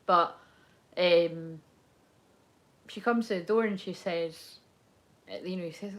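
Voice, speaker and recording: A young adult woman chats casually through a live tarot reading, rambling, swearing freely and laughing along. Her lowish voice is fairly even in intonation, slow and full of pauses, with slight background noise.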